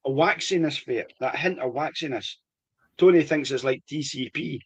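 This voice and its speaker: There's a husky quality to this middle-aged Scotsman's mid-range voice, and he keeps a moderate pace. Chatty and laughing often, he talks enthusiastically in a relaxed conversation at a whisky tasting.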